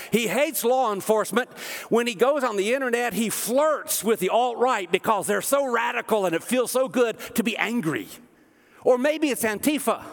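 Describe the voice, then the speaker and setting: Man, middle-aged pastor, passionate sermon, emphatic repetition, high voice. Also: gravelly. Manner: impassioned, emphatic preaching with repeated phrases. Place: church sanctuary. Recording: long hall reverb.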